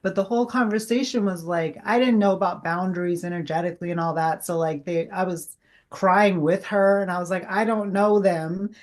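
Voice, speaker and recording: Woman guest, casual storyteller, slightly low voice, filler-heavy. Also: fairly even intonation, brisk. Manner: chatty, acts out quoted dialogue, many fillers.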